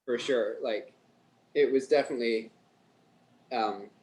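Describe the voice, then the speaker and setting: A man in his thirties with a Scottish accent, a guest on a podcast, telling stories in relaxed casual chat with frequent chuckles. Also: mid-range voice, a little slow, rough recording. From Scotland.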